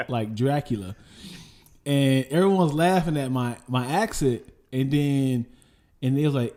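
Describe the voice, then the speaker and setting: A man's voice: mid-range voice, normal speed, dark tone. A man co-hosting a casual podcast, telling funny stories and laughing often. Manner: laughs easily, tells stories, does voices. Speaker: podcast co-host.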